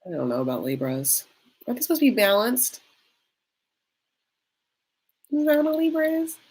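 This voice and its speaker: A woman's voice: a little high, wildly swooping pitch, fast, darkish tone, slightly rough. A woman hosting a casual live reaction stream, chatty and catty, reading viewer comments aloud and filling her talk with "like".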